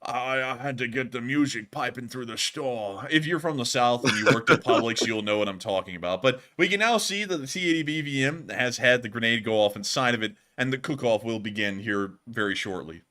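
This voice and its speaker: A man hosting a live-stream war commentary, excited and joking, often laughing. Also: mid-range voice, brisk, hardly any pauses. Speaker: host.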